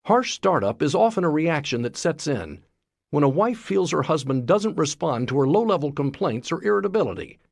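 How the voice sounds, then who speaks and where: A man reading a self-help book aloud as scripted narration, in a lively, expressive way. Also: fairly high pitch, moderate pace, gravelly, no room sound, studio quality. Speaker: audiobook narrator.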